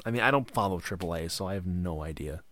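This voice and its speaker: A man's voice: low-pitched, quick pace. Chatty man co-hosting a wrestling podcast. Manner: animated, laughs often, acts out quotes loudly. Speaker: podcast co-host. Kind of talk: casual chat. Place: home during quarantine.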